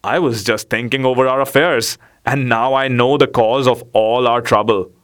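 A man's voice: medium pitch, steady tone, moderate pace, smooth, lightly acted. A man voicing a clever, scheming house cat who lays out a plan in a storybook reading. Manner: knowing, earnest.

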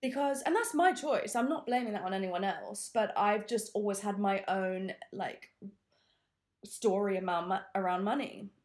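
A woman's voice: medium pitch, moderate pace. A young woman in casual chat, candid and frank, with some swearing.

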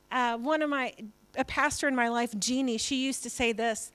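A woman pastor preaches to her church with a bright, high-pitched voice. She talks in a conversational, emphatic way. She often slips into acted-out quotes. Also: steady tone, fairly quick. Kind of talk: sermon.

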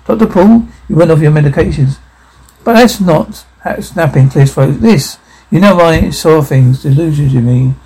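A man reading film dialogue and sound cues aloud in a jumbled, halting way. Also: fairly high pitch, gravelly, dark tone, slightly rough, rough recording.

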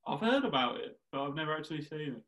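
A young man chats casually with a friend. His voice sits a little high, and he rambles through absurd jokes, often breaking into laughter. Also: big pitch swings, fast talker, a bit bright, low-quality recording. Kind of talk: casual chat.

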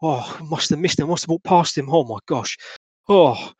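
A man's voice: a little high, expressive, moderate pace, a little mellow, slightly rough, no room sound, pitched above the performer's own voice. A man acts out a shaken passer-by who stumbled on a crime, stammering and fretting in a raised voice. It is a tabletop role-play recorded dry and close. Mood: panicked. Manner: stammering, breathless, fretful. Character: jittery startled male Victorian street witness.

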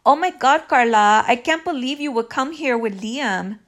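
A woman putting on the voice of a brash, confrontational woman, mocking her loud manner in an exaggerated accent. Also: fairly high pitch, expressive, moderate pace, voice pushed up, close to an everyday voice. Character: brash, confrontational adult woman from a rough neighborhood.

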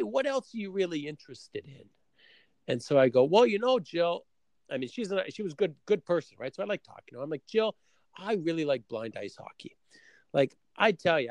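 A middle-aged man from Canada, animated and chatty, telling a story and playing out both sides of each exchange. His voice sits a little above the usual for a man. The sound is dry and close, with no room around it. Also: a little high, no room sound. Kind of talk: casual storytelling.

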